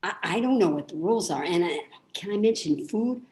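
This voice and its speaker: A woman's voice: fairly low pitch, expressive, darkish tone, lightly acted. A woman playing a nervous, rambling woman venting. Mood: rueful. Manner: nervous, self-deprecating, halting restarts. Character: anxious rambling woman venting about her weight. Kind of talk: theatrical monologue. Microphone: video call.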